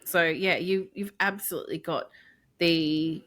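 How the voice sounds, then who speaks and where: A woman's voice: on the low side, measured pace, fairly bright tone. A woman co-hosting a podcast on baby sleep, speaking in an emphatic, encouraging, informal way. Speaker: infant sleep consultant co-host. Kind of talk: casual podcast chat.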